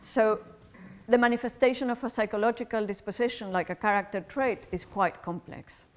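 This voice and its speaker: A woman's voice: fairly high pitch, steady tone, a little fast. A woman with a Spanish accent giving an academic philosophy lecture in a lecture hall, explaining carefully and thinking aloud as she goes.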